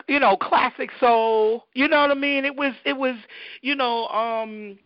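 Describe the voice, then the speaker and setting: Woman DJ guest, lively storyteller, lo-fi dry recording. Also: high voice, a little slow, dry recording. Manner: animated, acts out the people she quotes. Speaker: interview guest, DJ. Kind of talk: conversational storytelling.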